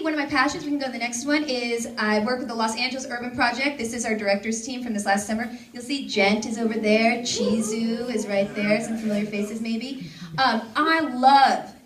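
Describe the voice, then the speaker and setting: A woman in her thirties from the Seattle suburbs speaks with a fairly high pitch against a noisy background. As a campus ministry staff speaker, she gives a bubbly, joking conference talk into a stage microphone before a large audience, in an echoey hall full of people.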